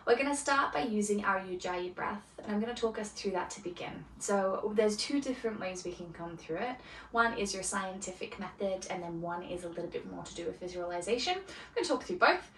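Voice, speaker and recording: A woman teaching a beginner yoga class, cueing breath and movement in a calm, soft-spoken way with gentle pauses. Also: mid-range voice, slight background noise. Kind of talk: guided yoga class instruction. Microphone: camera mic from a distance. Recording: roomy echo, voice from a distance, faint ambience.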